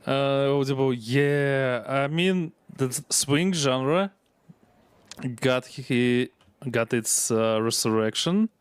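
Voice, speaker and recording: Man, game streamer, casual chatty commentary, amused, slow, smooth clear voice. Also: medium pitch, no room sound. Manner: amused, chatty, laughs often.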